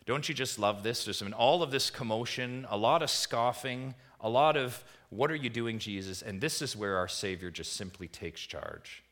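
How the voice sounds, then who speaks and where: A man preaching a sermon as pastor, moving from quiet reflection to emphatic appeals and repeated rhetorical questions to the congregation. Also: medium pitch, animated, moderate pace, few pauses. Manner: swings between hushed reflection and rising emphatic appeals.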